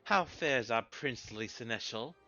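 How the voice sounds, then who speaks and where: A man's voice: mid-range voice, animated, normal speed, pitched above the performer's own voice, natural voice. A man voicing a flamboyant, theatrical male fashion designer in a video game, with a grand, drawling delivery. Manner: grand, drawling, says darling. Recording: dull lo-fi with game music.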